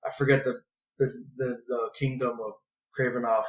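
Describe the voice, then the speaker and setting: A man's voice: mid-range voice, little pitch movement, moderate pace. A man co-hosting a podcast, recapping a comic in a rambling, filler-heavy way and swearing freely. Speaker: podcast co-host. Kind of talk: casual comic book recap. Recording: roomy echoey room.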